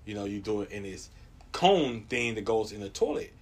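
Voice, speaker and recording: A man telling a comedic story in casual talk, swearing a lot and jumping into a high voice when quoting others. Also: normal speed, husky. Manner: profane, animated, acts out quotes in a high voice.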